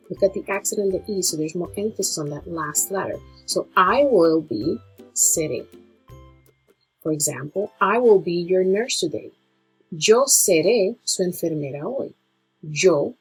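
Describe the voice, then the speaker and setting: Husky-voiced woman teaching a lesson. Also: fairly low pitch, low-quality recording. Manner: slow, drawn-out pronunciation of Spanish words. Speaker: nurse teaching Spanish. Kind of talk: slide-based language lesson.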